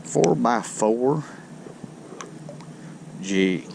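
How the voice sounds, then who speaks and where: Guy narrating his fishing trip, slow gravelly drawl, folksy, noisy outdoor boat sound. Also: medium pitch, expressive, a little mellow. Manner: folksy and chatty, talks to fish. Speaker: fishing video host. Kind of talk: casual outdoor fishing commentary.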